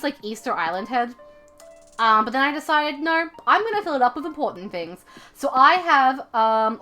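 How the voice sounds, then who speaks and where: A young woman with a high, light voice chats on a live stream. She rambles playfully from one thought to the next and breaks into giggles often. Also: a bit bright. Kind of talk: casual live-stream chat.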